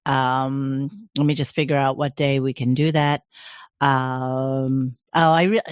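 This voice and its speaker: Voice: mid-range voice, little pitch movement, takes it slowly, smooth, dry recording, clean studio sound. A podcast host in casual chat, chatty and rambling, with laughing asides.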